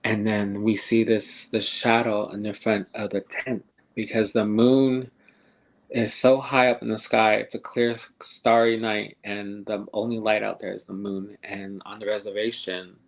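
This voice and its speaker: An older man telling a ghost story in a casual, halting way, full of fillers and restarts. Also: on the low side, flat delivery, vocal fry. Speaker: podcast guest storyteller.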